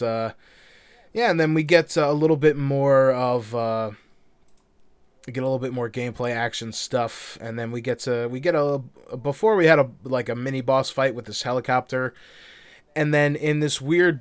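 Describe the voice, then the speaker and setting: A man co-hosting a podcast in loose, rambling chat, laughing often and dropping casual swears. His voice is smooth and resonant. The sound is dry and close. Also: medium pitch, moderate pace, no room sound. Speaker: podcast co-host.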